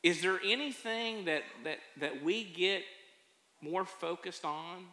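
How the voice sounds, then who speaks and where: A man who preaches a sermon as a pastor, telling stories with folksy humor and animated delivery. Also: high-pitched, takes it slowly. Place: church sanctuary. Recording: echoey church sanctuary.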